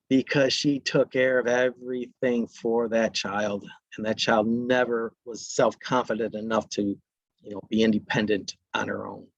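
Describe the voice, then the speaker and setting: Presenting a parenting workshop, a man with a mid-range voice speaks casually and conversationally, acting out brief lines from parents and kids. The audio has no echo, and the highs are cut off.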